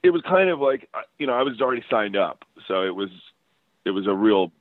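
A man with a very low voice tells loose, laughing stories as the guest musician, circling back and restarting his sentences. He comes through a dry, narrow, phone-like line. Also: animated, brisk, no echo. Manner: rambling, laughing storyteller with many restarts. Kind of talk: casual interview chat.

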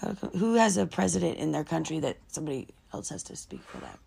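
A woman's voice: sits low, sing-song, fast, gravelly, warm tone, husky. A woman co-hosting a casual talk show, playful and giggly, making up rhymes and silly words. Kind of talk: casual joking chat.

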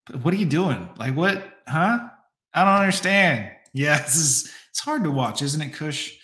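A man's voice: a little high, expressive, normal speed, bright, forceful tone, echoey room. A man giving mocking, sarcastic commentary to his stream chat while reacting to a video.

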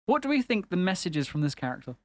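A man's voice: sits high, big pitch swings, fast talker, a little mellow, no room sound. A man hosting a podcast in casual chat, teasing and laughing often. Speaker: podcast host.

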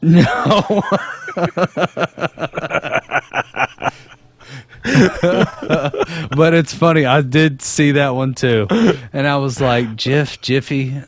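A man's voice: on the high side, fairly even intonation, drawn-out words, pauses often. Joking man in casual chat. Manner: joking, laughs often, explains theories. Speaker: podcast co-host.

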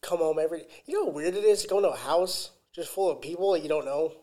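A man's voice: fairly high pitch, expressive, quick pace, mellow. A young man co-hosting a podcast, joining in with laid-back, profane banter. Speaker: podcast co-host. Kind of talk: casual chat.

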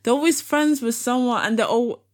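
A woman's voice: fairly high pitch, normal speed, darkish tone. A young woman co-hosting a casual podcast chat, laughing often and reading news items aloud. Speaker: podcast co-host.

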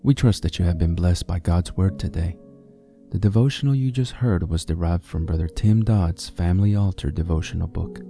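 A man hosting an audio devotional, reading scripture in a calm, measured way. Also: sits low. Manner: calm, measured, slow on references. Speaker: devotional host. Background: soft instrumental music.

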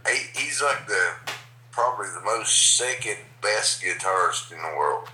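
A man co-hosting a casual podcast, blunt with his opinions and halting, with many restarts. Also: fairly low pitch, expressive, reverberant, a crowd in the background, rough recording. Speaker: podcast co-host. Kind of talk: casual chat.

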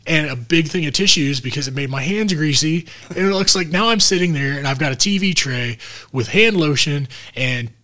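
A man's voice: fairly high pitch, moderate pace. A man co-hosting a podcast, telling a funny story in casual, profane chat and acting out the people in it. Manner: animated, profane, acts out quoted voices. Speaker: podcast co-host.

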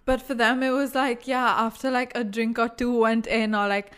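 Indian woman, co-host; easy chatty delivery, filler-heavy, slightly high. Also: level tone, a bit bright, clean tone. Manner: chatty, full of "like", quick asides. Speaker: podcast co-host. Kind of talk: casual chat.

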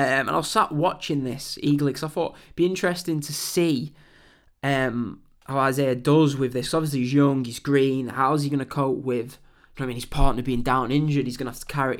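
A man's voice: mid-range voice, fairly even intonation, a little fast. A young English man hosting a wrestling podcast, recapping a show in a chatty, rambling way with lots of ums. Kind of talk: casual show review.

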